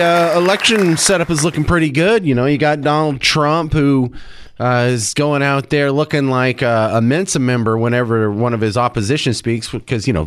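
A brash, joking male talk radio host speaking into a studio microphone, with a mid-range voice. The sound is dry and close, with no room around it. His delivery is animated and he talks right at the listener. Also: medium pitch, dry recording. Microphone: studio mic.

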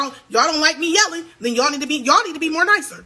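A young woman ranting heatedly to her livestream viewers, loud, profane and repeating herself. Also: sits high, expressive, fast talker, hardly any pauses.

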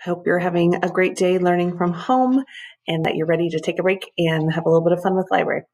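A woman's voice: lowish voice, steady tone, fast talker, a little mellow, low-quality recording. A woman, a school librarian, reading a picture book aloud to children, chatty and playful, with casual asides.

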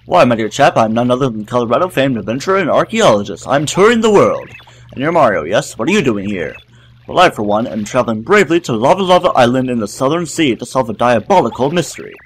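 A man's voice: medium pitch, sing-song, fast talker, slightly rough. A man voicing a pompous, eager male explorer in a game, talking in a theatrical old-fashioned posh way. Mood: grandiose.

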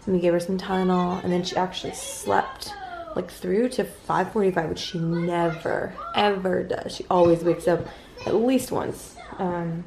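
A woman's voice: fairly low pitch, fairly even intonation, normal speed, vocal fry, noisy background. A young woman and mother talking casually to the camera at home, chatty and rambling with lots of fillers. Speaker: family vlogger, mother. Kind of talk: casual vlog chat. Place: home, on the couch.

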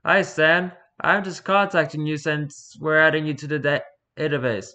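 A clueless male interviewer with an exaggerated American accent, chirpy and pitched high, put on by a man reading a story aloud. He keeps asking questions in a naive, upbeat way. The voice is bright and forceful. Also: fairly even intonation, normal speed.

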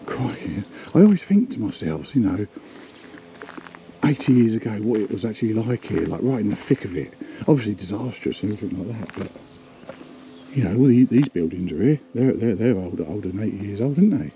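Chatty guy vlogging, warm low voice, bit of hiss behind. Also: animated, brisk. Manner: rambling, chatty, self-deprecating. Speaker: travel vlogger. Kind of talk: casual vlog narration.

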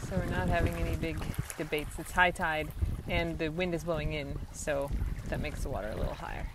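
A woman vlogging outdoors, telling a lively story and chatting to her dogs. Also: sits low, brisk, noisy background. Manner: animated storytelling, playful asides to her dogs. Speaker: vlogger and dog owner. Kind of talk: casual storytelling to camera and dogs. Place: outdoors by the ocean.

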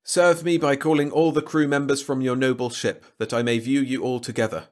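A man's voice: mid-range voice, little pitch movement, fairly quick, a little mellow, voice pushed up, close to an everyday voice. A man voicing a grandiose, contemptuous ancient alien weapon in a storybook reading, speaking with lofty, pompous declamation. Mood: haughty.

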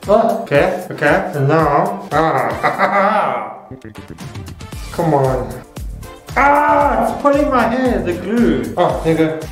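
A young man talks through a casual challenge vlog in a slow, easygoing way, swearing often and erupting into loud outbursts. His voice bounces around an echoey room. Music plays clearly behind him. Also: on the high side, very animated. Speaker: YouTuber.

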